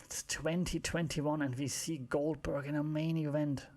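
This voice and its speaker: A man's voice: on the high side, little pitch movement, moderate pace, hardly any pauses, a little mellow. A man hosting a wrestling podcast, recapping shows in a casual, rambling way with many fillers, restarts and wry asides.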